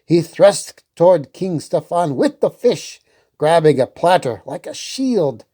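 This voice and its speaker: A woman reading a storybook aloud in an unhurried, expressive way. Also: on the low side.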